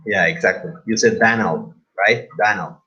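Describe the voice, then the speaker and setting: Halting Spanish-accented man teaching. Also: lowish voice, sharp tone. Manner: halting, repeats words, many fillers. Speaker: English pronunciation teacher. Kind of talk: live class instruction. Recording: dull lo-fi recording.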